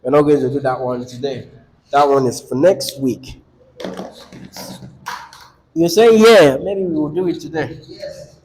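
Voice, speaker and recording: A man's voice: on the high side, unhurried, pauses often, a little mellow, slight background noise, poor audio. A man teaching a class on word stress, often putting questions to the students and repeating the key words. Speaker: English teacher. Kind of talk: classroom lecture.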